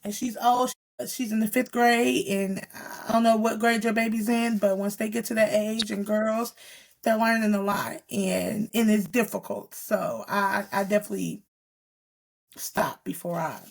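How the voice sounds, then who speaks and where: A woman's voice: mid-range voice, fairly even intonation, moderate pace, vocal fry. A woman host of a conversational podcast who tells a candid story about being a stepmother, talking earnestly and repeating herself as she thinks aloud.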